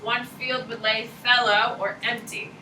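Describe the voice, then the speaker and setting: Teacher lady lecturing, kinda high bright voice, blunt slangy way of talking, echoey classroom. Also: flat delivery, a little slow, a little hiss or hum. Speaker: high school history teacher. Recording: echoey classroom, mic far off.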